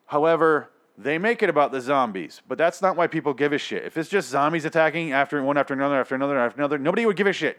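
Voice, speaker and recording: A man in the middle of a profane review rant, exasperated and sarcastic as he picks apart an episode. His pitch sits in an ordinary middle range for a man. He swears constantly and talks like a host venting to his regular audience. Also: a bit bright.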